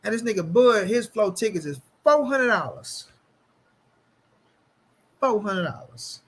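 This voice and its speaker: A man hosting a boxing channel, ranting casually to the camera with profanity and mocking, repetitive jeers, swinging between loud bursts and mutters. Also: sits high. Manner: animated, shifting quickly between loud and muttered. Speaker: boxing commentary channel host.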